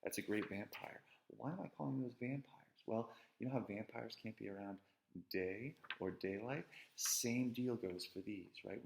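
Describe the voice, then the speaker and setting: Gravelly, chatty male Spanish teacher. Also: lowish voice, rough recording. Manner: playful, chatty, keeps asking "right?". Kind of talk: casual classroom lecture.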